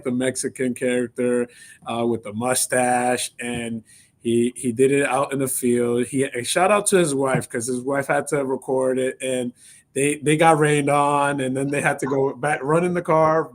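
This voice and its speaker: Male co-host, mid-pitched, animated and halting, lots of "uh" and laughter. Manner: animated storyteller, halting with fillers, laughs often. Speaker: co-host of company live stream. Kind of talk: casual chat.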